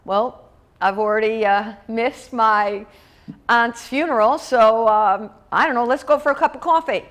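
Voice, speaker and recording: A woman's voice: fairly high pitch, measured pace, a bit bright. A woman voicing a confused young man who has come to the wrong funeral. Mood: casual.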